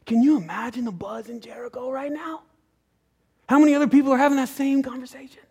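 A man's voice: very high-pitched, steady tone, quick pace, creaky, dark tone, breathy edge. A man preaching a sermon in church, telling a story with acted-out dialogue and sudden drops to a near whisper. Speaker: pastor. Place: church sanctuary.

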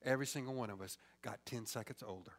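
A man preaching a sermon, swinging from loud exclamations to hushed whispers. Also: mid-range voice, fast.

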